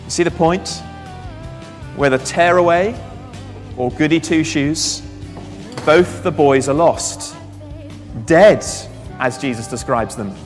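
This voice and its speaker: A man preaching a sermon, telling a Bible story with lively asides and questions to the congregation. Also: a little high, slow, pauses often, faint music behind. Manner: animated storytelling, reads scripture aloud, asks the congregation questions. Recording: long reverb of a large hall.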